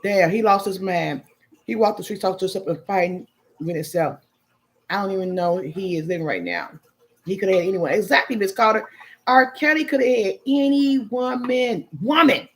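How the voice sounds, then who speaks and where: A middle-aged woman with a Chicago-area accent hosts a casual livestream, reading viewer comments and speaking candidly and emphatically. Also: mid-range voice. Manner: candid, emphatic, sipping wine. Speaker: livestream host.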